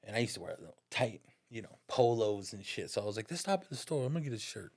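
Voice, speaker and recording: A man's voice: lowish voice, big pitch swings, fast talker, darkish tone. Podcast guest, male, casual storyteller, loose and profane, heavy street slang. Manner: profane, slang-heavy, addresses listener as "dog"; laughs through his stories.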